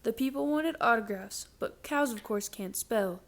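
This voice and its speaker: A woman reading a children's picture book aloud, with slow, careful storytelling. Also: on the high side. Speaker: storybook reader.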